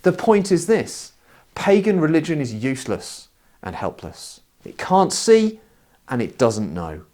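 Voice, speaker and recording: A man preaching a sermon, telling stories in an expressive, wry manner. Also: fairly high pitch, a little slow. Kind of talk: sermon with personal storytelling.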